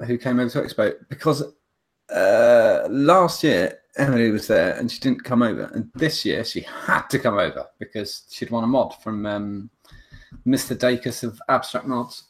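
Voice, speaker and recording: A man hosting a casual livestream chat, rambling and self-mocking, with lots of restarts. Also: medium pitch. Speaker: host.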